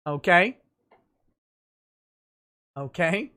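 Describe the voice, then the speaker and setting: A man's voice: on the high side, a little slow, a bit bright. A man hosting a casual livestream show, reading viewer messages aloud with crude jokes and frequent repeated words. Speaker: livestream talk show host.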